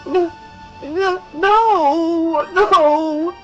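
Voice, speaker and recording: A man voicing a frightened, desperate teenage girl who pleads in a high, urgent voice. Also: very slow, muffled recording, soft background music, full character voice. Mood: terrified pleading.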